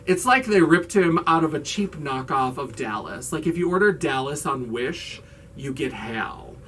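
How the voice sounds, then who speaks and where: A chatty, sarcastic man recaps a movie for his video channel, full of asides. His voice sits a little high. He is slightly distant from the mic, over a faint hiss. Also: expressive, moderate pace, a bit bright. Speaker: drag queen video host.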